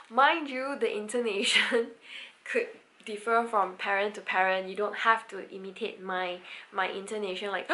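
Gravelly-voiced woman coaching parents. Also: mid-range voice, fairly even intonation, moderate pace, no room sound. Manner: clear and patient, with sing-song counting demonstrations. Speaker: parent educator. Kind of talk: instructional talk to parents.

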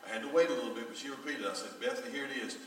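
A pastor preaching a sermon, telling a personal story with emotion, his voice often dropping low and soft. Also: rapid-fire. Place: large church sanctuary. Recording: echoey church hall recorded from far off.

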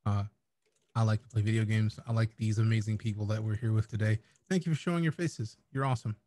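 A man's voice: lowish voice, steady tone, quick pace, mellow. A man introducing himself as a tabletop game player, shy, giggly and sweet to the others. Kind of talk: casual chat.

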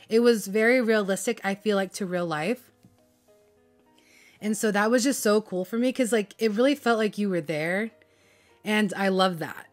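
A young woman gushing in casual chat about a show she loves, swearing freely and filling her talk with "like". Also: medium pitch. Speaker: vlogger reviewing a drama.

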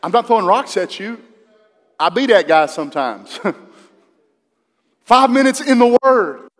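A man delivers a sermon in a high voice, chatting with his congregation and asking them questions. His voice carries a long reverb from the church sanctuary. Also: lively intonation, measured pace, fairly bright tone. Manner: conversational preaching, asks the congregation questions. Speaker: pastor.

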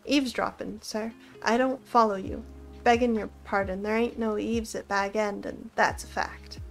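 A woman's voice: steady tone, moderate pace, gravelly, faint music behind, natural voice. Woman doing a timid rustic young gardener. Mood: flustered. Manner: high, pleading, rustic dropped g's. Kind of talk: storybook reading.

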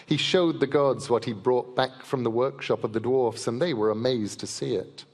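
A man reads a myth aloud to a festival audience, measured and vivid in his telling. His voice sits at a middle pitch. It carries a long reverb from the large hall he is reading in. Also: a little mellow. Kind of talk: storytelling reading to a live audience.

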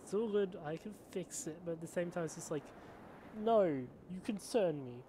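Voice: mid-range voice, animated, normal speed, mellow, slight background noise. A gaming creator giving casual, rambling commentary while playing a handheld game, often laughing at their own slips. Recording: game music playing behind. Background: game music.

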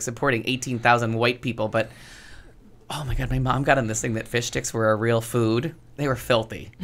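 A man telling childhood stories in a loose podcast chat. He is animated, laughs a lot, and swears freely. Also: medium pitch. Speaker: podcast co-host. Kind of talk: casual chat.

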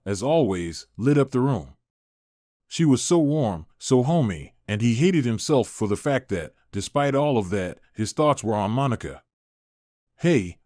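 Male narrator, scripted drama storytelling, expressive with a lively pitch. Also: no room sound, studio quality.

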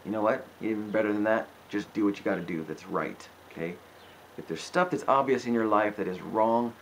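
A man's voice: mid-range voice, animated, moderate pace, vocal fry, a little hiss or hum, poor audio. Fervent man preaching informally. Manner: fervent, worked up, exhorting; rambling with restarts and frequent "you know". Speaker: preacher answering questions.

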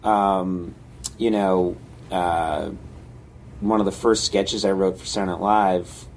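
A man's voice: low-pitched, fairly even intonation, slow pace, a little mellow, slight background noise, rough recording. A man in casual talk, telling an old comedy story with many fillers and laughs, switching between voices as he goes.

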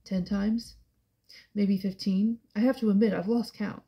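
A woman voicing a cruel, mocking older man who taunts his son with contempt, in a gravelly, husky voice. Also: mid-range voice, steady tone, measured pace, dark tone. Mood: contemptuous.

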